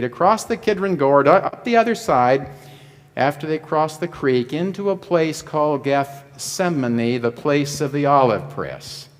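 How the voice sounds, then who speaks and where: Male lecturer, vivid dramatic narrator, average pitch, recorded in a large reverberant hall. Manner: vivid, dramatic narration with wide swings in loudness.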